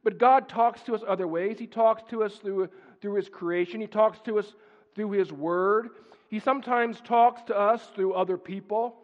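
A man with a notably high voice preaches in a church sanctuary, his words trailing off into a long reverb. The recording sounds dull and muffled. He talks conversationally and often restarts phrases. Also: fairly even intonation, moderate pace. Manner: conversational, repeats words while searching for phrasing. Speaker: pastor. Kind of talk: sermon.

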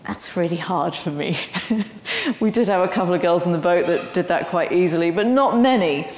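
A woman speaks as a guest lecturer and tells her story with lively energy and many ums. Her voice carries through a large room with a long, ringing echo. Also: on the low side, moderate pace. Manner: animated storytelling with frequent ums. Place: lecture hall. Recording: roomy hall with long reverb.

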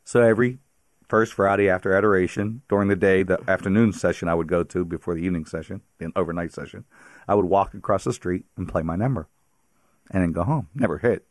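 Speaking fast in a steady tone, this very deep-voiced priest from around Pittsburgh tells his faith story as a radio guest. He chats like a storyteller and often bursts out laughing; the recording is dry and close, with no room behind it.

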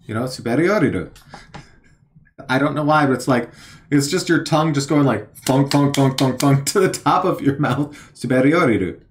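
A man vlogging his study session casually, thinking aloud and slowly repeating words as he tries to recall them, with self-deprecating asides. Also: mid-range voice, slight background noise. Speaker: language learner vlogger.

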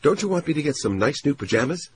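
A man's voice: fairly high pitch, big pitch swings, fast talker, slight background noise, voice pushed up. A man reading an audiobook, voicing an anxious, eager young woman in a raised voice, breathless and pleading. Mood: excited.

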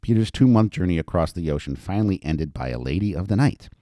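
Brief: low, animated male storyteller, close dry voice. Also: fast talker, no echo. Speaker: audiobook narrator. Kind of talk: scripted narration.

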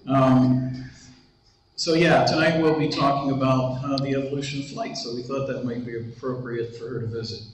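A man's voice: medium pitch, a bit bright. A man hosting an evening class, playful and rambling as he makes announcements to a live audience. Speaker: class host. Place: lecture room with live audience. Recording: echoey room from far off.

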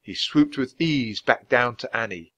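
A man reading a children's chapter book aloud at a natural pace for language learners. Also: a little slow. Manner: reads at a natural, even speed for language learners; jumps higher and louder for the characters' lines. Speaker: storybook reader.

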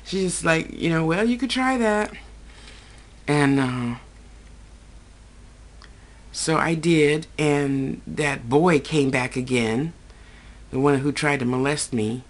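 A woman tells a long dream story in a loose, rambling way, wandering off on side remarks. She often raises her pitch to act out what others said. She talks casually, as if to a webcam at home. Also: fairly even intonation, takes it slowly, long pauses. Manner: chatty, digressive, quotes people in a higher voice. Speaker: vlogger recounting a dream.

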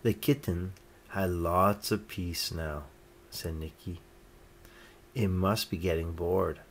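A man reading a children's picture book aloud, gently lifting his voice for each character's lines. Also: low-pitched, fairly even intonation, takes it slowly, slight background noise. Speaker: storyteller.

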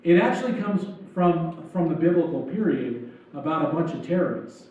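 High-voiced pastor preaching in an echoey church. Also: male voice, animated, moderate pace, a little mellow, a little hiss or hum. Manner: conversational, jokey preaching with acted-out asides. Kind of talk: sermon. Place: church sanctuary. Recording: echoey church hall, distant dull mic.

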